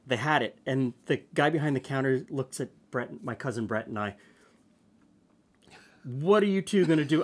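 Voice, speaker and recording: A man hosting a cooking show, explaining a blind tasting in a relaxed, plain-spoken way from his studio. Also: medium pitch. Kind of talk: casual tasting chat. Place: home studio kitchen.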